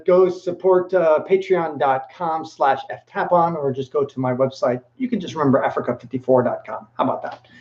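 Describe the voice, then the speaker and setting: A man hosting a casual live-stream Q&A, rambling and animated, with lots of filler words. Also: a little high. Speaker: host. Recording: echoey room, dull lo-fi sound.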